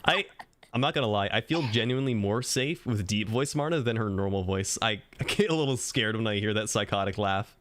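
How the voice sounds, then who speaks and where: A man's voice: on the low side, brisk, few pauses, fairly bright tone, dry recording. A man from the American South co-hosting a podcast in casual, joking chat, swearing freely. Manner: joking, swears freely, slips into silly voices. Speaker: podcast co-host.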